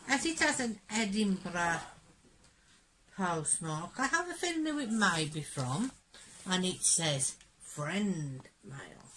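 A woman talks in a slow, easy rhythm, her voice a little croaky from a cold. She sits at the lower end of the female range and sounds gently delighted as she chats through her mail. A faint hum of room noise sits behind her. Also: big pitch swings, poor audio. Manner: gentle, chatty, softly enthusiastic. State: hoarse, croaky from illness. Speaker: craft channel vlogger. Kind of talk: casual chat opening mail.

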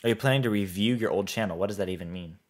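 A man with a fairly low, rapid-fire voice streams a building game live. He reads chat aloud and answers in a rambling, easygoing way, chatting casually as he plays.

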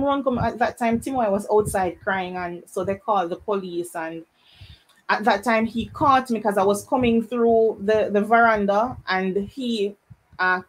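A woman's voice: medium pitch, rough recording. A Jamaican woman, a guest on a live panel, earnestly telling a personal story and acting out the voices of the people in it. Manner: earnest storytelling, acts out quoted lines.

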